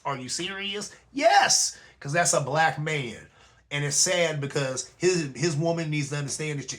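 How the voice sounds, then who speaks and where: A man's voice: medium pitch, fairly bright tone. A man hosting his own talk show, speaking in a loose conversational way and often asking "you know what I'm saying?". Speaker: host. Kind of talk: casual commentary monologue.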